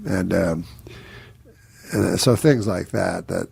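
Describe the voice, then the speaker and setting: A man with a Canadian accent, chatting as a comedian guest in a halting, deadpan way, full of restarts and dry jokes. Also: low voice, creaky, slightly rough. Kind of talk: casual interview chat.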